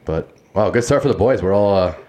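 A young man hosting a casual game chat, blunt and swearing often in quick bursts. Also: lowish voice, lively intonation, mellow.

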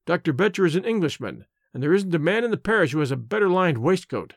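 A man's voice: fairly high pitch, animated, fast talker, no echo, studio quality. A man reading the part of a deferential station master, respectful and gossipy. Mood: chatty. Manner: respectful, gossipy, says sir often. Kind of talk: audiobook character reading.

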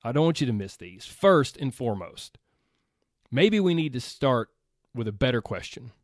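A man's voice: mid-range voice, very animated, moderate pace, no room sound, clean studio sound. Earnest man giving a motivational talk. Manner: earnest, conversational, repeats phrases for emphasis. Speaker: health and weight-loss coach.

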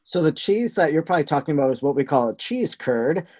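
A man with a Wisconsin accent, a guest answering in a steady, explanatory way. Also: a little high, fast talker. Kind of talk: casual interview answers.

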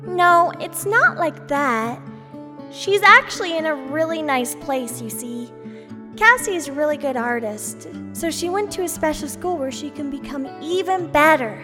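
A man's voice: very high-pitched, animated, big-room sound, over music, pitched above the performer's own voice. A man voicing a shy, hesitant young girl in a storybook reading. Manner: hesitant, halting. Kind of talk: audiobook character voice.

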